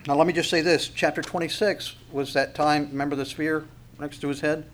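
A man's voice: on the high side, steady tone, brisk, fairly bright tone, a little hiss or hum. A male pastor preaching a sermon in a conversational way, repeating words and adding chuckling asides.

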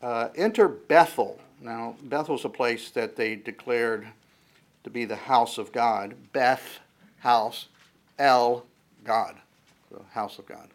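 A man's voice: medium pitch, fairly even intonation, slow. A man preaching a conversational sermon, joking along the way, with frequent fillers and restarts.

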